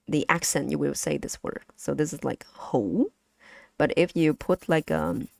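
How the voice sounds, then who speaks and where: Low, slow woman teaching. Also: gravelly, a little mellow, no echo, studio quality. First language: Vietnamese. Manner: hesitant, restarts words, giggles often. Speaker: streamer teaching language. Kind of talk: live-stream lesson with chat.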